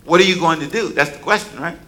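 A man preaching a sermon, telling a story with dramatic swings from quiet asides to shouted climaxes and calling the congregation to respond. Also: fairly high pitch, fast, rough recording. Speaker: pastor.

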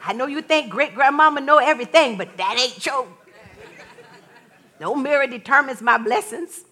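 Older woman, sermon, bright voice, a bit high, animated storytelling, laughs a lot. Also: normal speed, some chatter behind. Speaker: preacher.

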